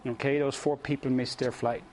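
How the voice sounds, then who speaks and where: A man preaching and telling a lively story to a congregation, animated and often chuckling as he addresses the audience directly. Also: medium pitch, normal speed, slight background noise. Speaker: preacher leading mission trips. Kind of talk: storytelling sermon.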